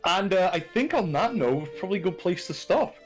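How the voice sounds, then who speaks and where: A man's voice: sits high, very animated, a little fast. A man narrating as game master of a tabletop game, casual, laughing and swearing. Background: faint background music.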